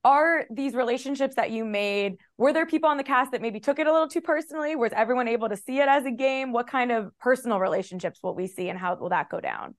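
A woman's voice: on the high side, fast, hardly any pauses. A woman interviewing reality show contestants, asking several questions in a row. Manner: stacks several questions at a time.

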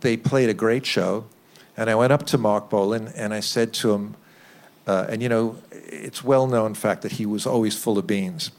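An older man, a record producer, telling lively anecdotes in an interview, acting out quotes and chuckling. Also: fairly low pitch, normal speed. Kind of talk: interview storytelling.

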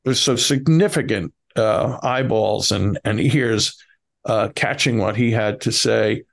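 A middle-aged man with a Bronx accent, cohosting a podcast in casual chat, halting with many stammered restarts. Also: on the low side, gravelly.

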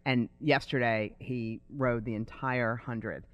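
A man's voice: medium pitch, fairly even intonation, takes it slowly, muffled recording. A man in a mid-range voice tells a story with animation. The sound is dry, with no room echo. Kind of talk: storytelling in conversation.

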